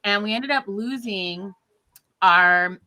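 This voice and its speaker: A woman guest speaking on a video call, telling a personal story in a lively, chatty way with lots of fillers and acted-out quotes. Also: mid-range voice, slow, a little hiss or hum. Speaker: guest nurse executive.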